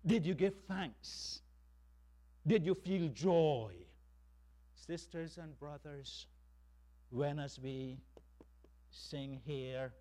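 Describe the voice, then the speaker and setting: Animated male preacher with lively pitch. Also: unhurried. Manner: animated preaching, rising to loud emphatic calls. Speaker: pastor. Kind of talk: sermon.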